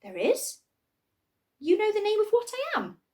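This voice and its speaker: A woman's voice: lively intonation, unhurried, darkish tone. A woman voicing a small, shy, bluish-grey creature who is unsure of herself, speaking hesitantly in a storybook reading. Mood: earnest. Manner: hesitant, timid, high.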